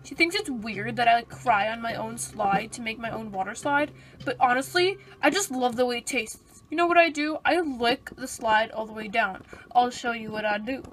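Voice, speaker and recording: A woman's voice: fairly high pitch, normal speed, hardly any pauses, natural voice. Bob, a woman voicing a giggly crying-obsessed man. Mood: dreamy. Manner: giggly, dreamy, oddly cheerful. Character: odd grown man who loves crying. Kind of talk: toy figure skit voice acting.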